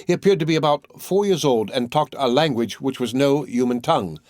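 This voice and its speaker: A man's voice: mid-range voice, lively intonation, fairly quick, a little mellow, no echo, studio quality, lightly acted. A man voicing a grieving woman who tells a sad tale in an earnest, storytelling way. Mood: sorrowful. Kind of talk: scripted narration.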